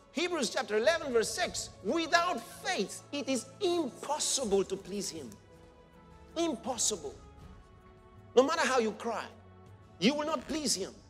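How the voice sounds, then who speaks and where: A man's voice: very high-pitched, big-room sound. A man preaching a sermon, impassioned and acting out the voices he quotes.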